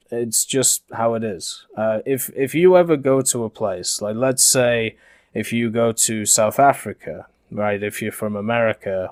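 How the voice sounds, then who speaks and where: A young Englishman from Yorkshire with a neutralized, softened Yorkshire accent, talking slowly and deliberately with many fillers as a gaming commentator. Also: on the low side, no echo, clean studio sound. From Yorkshire, England. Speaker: gaming YouTuber. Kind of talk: commentary over game footage.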